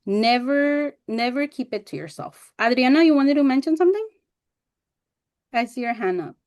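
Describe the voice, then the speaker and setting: A woman in her thirties leads a teacher workshop over a video call, speaking in a high voice at a moderate pace. She shares personal stories candidly and expressively, acting out past remarks in animated voices. Recalling hard times, she sometimes becomes emotional.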